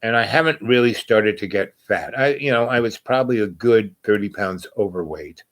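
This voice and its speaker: A man's voice: on the low side, fairly bright tone, dry recording. Rambling older man telling a story. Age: 80s. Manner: rambling, halting, many fillers and restarts. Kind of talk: casual personal storytelling.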